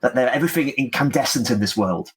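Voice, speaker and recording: A man's voice: medium pitch, lively intonation, fast talker, slightly rough. A man playing an elderly woman who collects butterflies, speaking in a grand, flowery way in a tabletop game. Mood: effusive.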